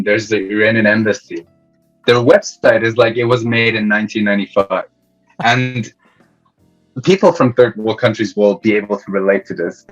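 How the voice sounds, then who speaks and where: A young man from Iran, a podcast guest, telling stories from his life in a relaxed way and laughing often. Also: medium pitch, breathy edge, dull audio. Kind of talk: casual interview chat.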